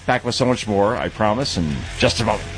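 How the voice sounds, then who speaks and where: A man's voice: on the low side, fairly quick, music in the background. A middle-aged man hosting a radio talk show in a chatty, conversational way with plenty of asides.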